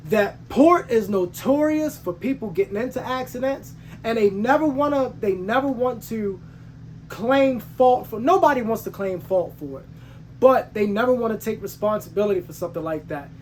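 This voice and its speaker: A man's voice: sits high, expressive, moderate pace, slight background noise. Heated male trucker telling a story. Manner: heated, emphatic retelling with slangy asides; frequent restarts and self-corrections. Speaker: truck driver and channel host. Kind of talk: casual storytelling to camera.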